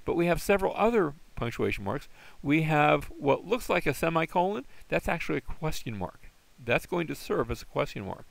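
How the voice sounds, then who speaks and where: Gravelly, casual man teaching Greek. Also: on the high side, very animated, fairly quick, few pauses, no echo. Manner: casual, hesitant, many fillers and restarts. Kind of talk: informal recorded lesson.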